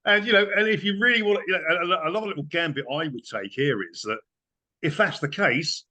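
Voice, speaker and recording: A man's voice: fairly high pitch, fairly quick, pushed and bright. A man as a guest in a casual political chat, indignant and emphatic. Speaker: guest commentator.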